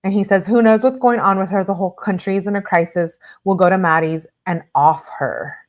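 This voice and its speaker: Hosting a true-crime video, a woman with a mid-range voice briskly reads out text messages, breaking off here and there to make blunt remarks of her own.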